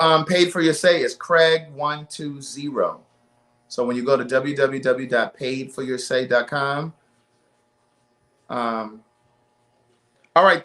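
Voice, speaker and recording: A man's voice: fairly high pitch, a bit bright. A man from Maryland hosting a live stream in casual chat, reading out viewers' names and thanking them. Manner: chatty, reads viewer names aloud.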